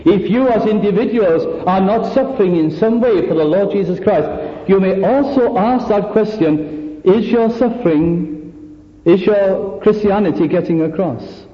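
A man preaching a sermon, earnest and full of rhetorical questions, pausing to act out the people he quotes. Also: high-pitched. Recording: echoey hall, dull lo-fi sound.

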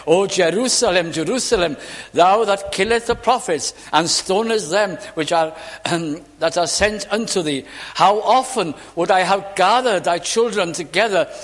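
Male preacher, fairly high voice; dramatic, slow scripture delivery with sudden loud and soft turns; long chapel reverb. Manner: reads scripture slowly and dramatically, with sudden swells and drops in volume. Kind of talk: sermon.

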